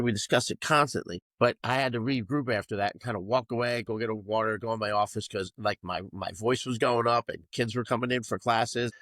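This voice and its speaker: A man's voice: lowish voice, no room sound. A man, a gymnastics coach telling stories in a podcast discussion, his voice climbing as he gets worked up. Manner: animated storytelling, voice rising when he relives scolding.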